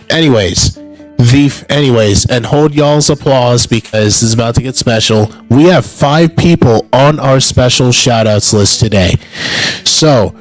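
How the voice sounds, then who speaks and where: A man hosting a casual livestream announcement, rambling and apologetic between drawn-out hype shouts of names. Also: medium pitch, rough recording. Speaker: streamer hosting an announcement stream.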